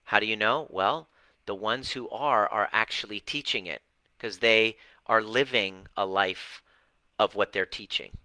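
A fired-up man speaking to his online group with a very bright, sharp edge to his voice. He talks bluntly and dramatically, dropping swear words for emphasis. The sound is dry and close, with almost no room echo. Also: lowish voice, a little slow. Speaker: relationship and healing coach. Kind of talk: livestream talk to an online group.

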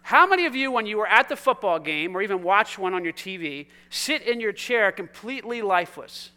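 A man preaching a sermon, talking with his congregation in a conversational, energetic way that swings from quiet asides to loud, exuberant calls. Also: sits high, brisk, clean tone. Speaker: pastor. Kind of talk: sermon with congregation call-and-response.

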